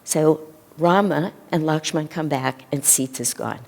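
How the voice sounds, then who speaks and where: A woman minister giving a sermon in a temple, retelling a sacred story in a gentle storytelling way. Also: sits low, measured pace, creaky. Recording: long hall reverb.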